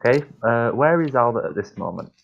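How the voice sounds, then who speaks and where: A man's voice: mid-range voice, expressive, fairly quick, vocal fry, lo-fi sound. A man playing a tabletop game, describing his moves hesitantly with many fillers. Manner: hesitant, says "uh" often. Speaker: player. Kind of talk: tabletop game role-play.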